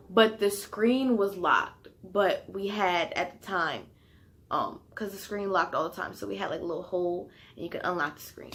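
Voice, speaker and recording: A woman telling a personal story in a casual vlog, chatty and full of fillers, turning loud and heated at the tense parts. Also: medium pitch, a little slow, a little hiss or hum. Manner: grows loud and heated when retelling the fight. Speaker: vlogger.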